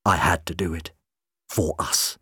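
An obsessed, unhinged murderer, voiced by a man, snarling in a low, husky hush. His voice sits deep and close in a dry storybook recording. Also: steady tone, measured pace, no echo, heavily acted. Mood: gloating.

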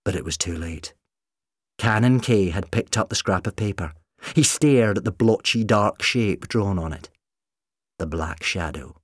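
A man narrating a storybook reading in an expressive, measured way. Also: on the low side, no echo, studio quality.

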